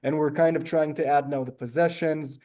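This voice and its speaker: A man's voice: on the high side, steady tone, fairly quick, dark tone. A man teaching a Hebrew class over a video call, talkative and courteous, often apologizing and saying ma'am. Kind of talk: online class lecture.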